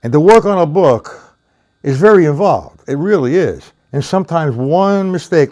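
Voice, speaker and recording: Teaching drums on a live stream, a man greets viewers by name as he answers chat, counting rhythms out loud during demonstrations. He sounds fairly high-pitched, very animated, and a little mellow, speaking at a moderate pace.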